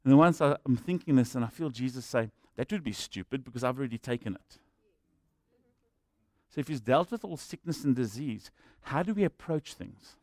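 A middle-aged man preaching a sermon, telling stories that swing from hushed to shouting. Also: mid-range voice, expressive, moderate pace, no room sound, clean studio sound. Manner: storytelling, swings from quiet to shouting. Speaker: pastor.

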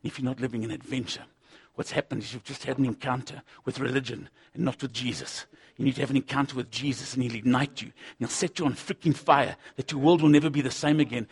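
A middle-aged man preaching a sermon, impassioned, swinging from loud urgency to hushed intensity. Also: mid-range voice, steady tone, quick pace, breathy edge.

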